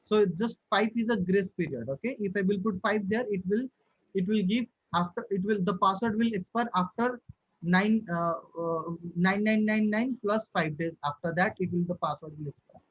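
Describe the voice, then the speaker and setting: A high-voiced man leads a live online class and keeps checking with his students. His questions come again and again as he repeats himself. The sound is dull and dry, like a video call. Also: moderate pace, husky, no room sound. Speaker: instructor.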